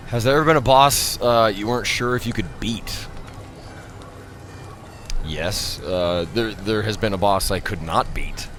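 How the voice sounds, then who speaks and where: A man live-streaming a video game, thanking subscribers, joking, and bursting out loudly at the action. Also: on the low side, a little slow, soft background music. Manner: loud sudden outbursts while playing.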